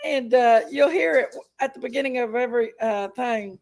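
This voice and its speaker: A woman's voice: on the high side, normal speed, vocal fry, darkish tone, poor audio. A woman hosting a casual livestream, chatty and folksy, greeting viewers by name while feeling unwell with an upset stomach. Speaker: livestream host.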